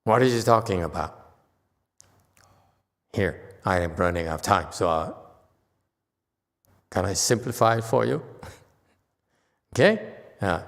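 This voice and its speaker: A man giving an unhurried dharma lecture as a Buddhist teacher, often pausing to check in with his listeners. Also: on the low side, animated, fairly bright tone. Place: temple hall. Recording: long hall reverb.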